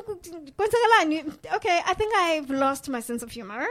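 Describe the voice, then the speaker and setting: A young woman chatting casually on air, animated and expressive, slipping isiZulu words in. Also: sits high, normal speed. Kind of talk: casual chat.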